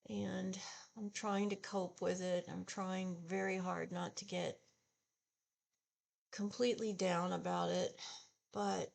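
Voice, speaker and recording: Older woman in her 60s, slow gravelly voice, talking low and down while doing her makeup. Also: level tone. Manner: slow, subdued and halting, with sighs. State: upset and discouraged. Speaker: beauty vlogger. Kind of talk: casual get-ready-with-me chat.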